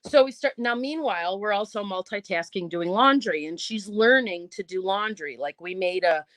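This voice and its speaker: A channel host with a medium-pitched voice tells a long story on a live stream from her home, speaking at a moderate pace. The recording is dry, and she acts out all the quoted voices with lively animation.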